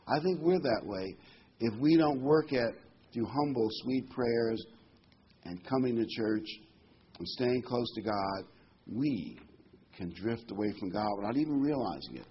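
A pastor preaching a sermon in a conversational, folksy way, repeating key words for emphasis. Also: male voice, medium pitch, lively intonation, unhurried, highs cut off, a little hiss or hum.

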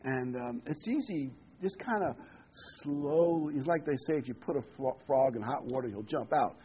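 A man preaching a sermon, animated and repeating key words for emphasis, heard on a dull lo-fi recording. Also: medium pitch, moderate pace, a little hiss or hum.

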